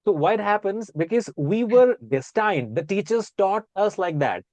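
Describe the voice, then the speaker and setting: A man's voice: high-pitched, animated, a little slow, a little mellow, dry recording. A man with an Indian accent, chatting casually as a guest and explaining pronunciation by repeating example words aloud.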